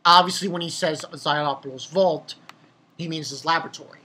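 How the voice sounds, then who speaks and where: A young man casually reviewing a comic chapter, rambling and excitable, swearing freely and laughing at his own jokes. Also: fairly high pitch, fairly quick, slightly rough. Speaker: manga reviewer.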